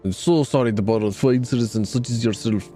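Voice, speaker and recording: A man's voice: mid-range voice, a little fast, dark tone, faint music behind, close to an everyday voice. A man voicing a confused, apologetic beggar who cannot find his way home. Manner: apologetic, hesitant.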